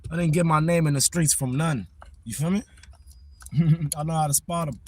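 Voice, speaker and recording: A man's voice: on the high side, steady tone, moderate pace, darkish tone, slight background noise. A young man streaming live, chatting casually and brashly in slang straight to his viewers. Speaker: livestreamer. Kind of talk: casual livestream chat.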